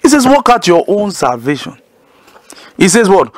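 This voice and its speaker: Guy preaching to callers, high pitched, keeps repeating his key lines. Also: very animated, normal speed, long pauses. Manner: emphatic, repeats key phrases, asks listeners to say lines with him. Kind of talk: call-in Bible teaching.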